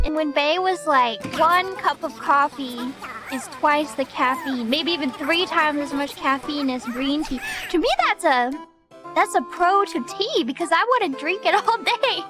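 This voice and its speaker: A young woman streamer telling stories in casual chat, giggling often as she talks. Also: very high-pitched. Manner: giggly, laughs often while talking.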